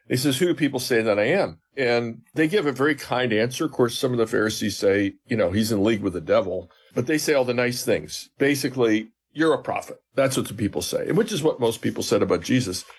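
Husky middle-aged man explaining scripture. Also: mid-range voice. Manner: earnest, acts out quoted dialogue with emphasis. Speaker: professor of biblical theology, guest.

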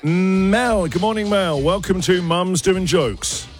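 A man's voice: high-pitched, soft background music. A man hosting breakfast radio, teasing and chatty. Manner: jokey, teasing, quick asides. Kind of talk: casual radio banter.

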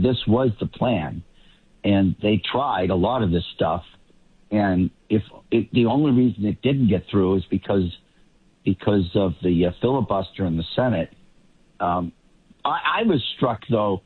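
A man commenting on politics in a casual panel talk, rambling with quick asides. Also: on the low side, slightly rough. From Boston area. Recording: tinny phone-like line.

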